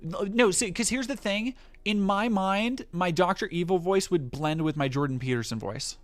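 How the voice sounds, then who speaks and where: A man streaming live commentary, ranting in an animated, sarcastic way. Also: high-pitched, normal speed, soft background music.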